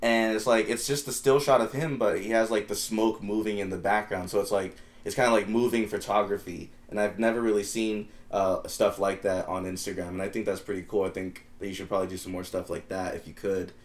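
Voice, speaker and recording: A laid-back man co-hosting a podcast in a casual chat, swearing freely. His voice sits a bit low. The room has a roomy echo. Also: fairly even intonation, brisk, few pauses. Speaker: podcast co-host.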